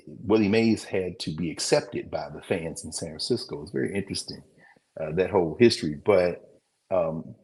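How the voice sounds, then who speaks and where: Deep-voiced man giving a rambling lecture. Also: darkish tone. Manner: conversational, digressive, with mid-sentence recall pauses. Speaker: teacher hosting a class show. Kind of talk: lecture, talking to viewers.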